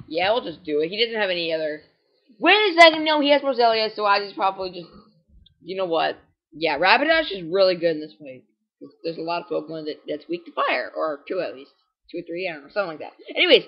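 A young man giving casual, rambling gameplay commentary, full of fillers and self-corrections, quick to get excitable, and prone to sudden voice cracks. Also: high voice, muffled recording. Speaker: game walkthrough commentator.

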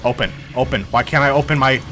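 A young man streaming a game, chatting excitedly, yelling at characters and swearing when things go wrong. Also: mid-range voice, fast talker, soft background music. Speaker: gaming streamer. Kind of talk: live gameplay commentary.

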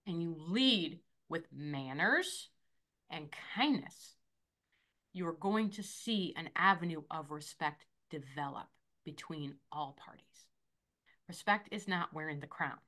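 A woman in her forties, an esthetician and motivational coach, talking in a bubbly, animated way as an interview guest and acting out the voices she quotes. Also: low-pitched, a little slow. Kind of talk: energetic interview talk.

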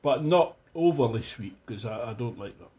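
A man's voice: mid-range voice, lively intonation, normal speed, warm tone, highs cut off. Chatty Scottish man reviewing beer. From Scotland. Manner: chatty and enthusiastic, thinking aloud with restarts. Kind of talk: casual tasting review.

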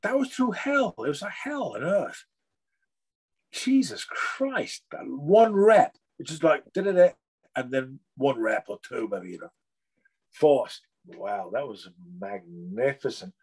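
A middle-aged man from England, chatting as a guest in a lively, animated way, swearing freely and acting out gym conversations. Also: medium pitch, slow, husky, rough recording. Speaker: guest artist. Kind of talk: casual chat.

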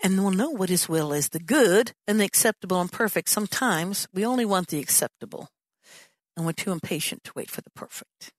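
A woman's voice: mid-range voice, expressive, a little fast, no echo. A woman pastor teaching a sermon in a conversational way, often slipping into the voices of the people she describes. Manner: conversational, acts out prayers and dialogue in changing voices. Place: church.

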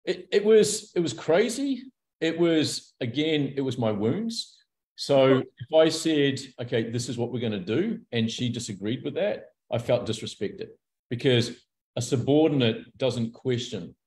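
A man speaks as an interview guest, open and unguarded. He tells his stories with animation and slips into the voices of the people he describes. His voice sits at an ordinary middle pitch for a man. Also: unhurried. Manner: animated storyteller, acts out quoted characters. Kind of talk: candid conversational interview.

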